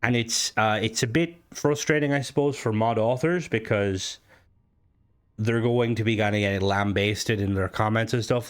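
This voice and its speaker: A young man with a somewhat low voice talks through gaming news in a relaxed, unscripted way. He rambles and meanders, pausing to hesitate and restart his sentences as he thinks aloud like a streamer chatting to viewers. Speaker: gaming content creator and streamer. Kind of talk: casual gaming news commentary.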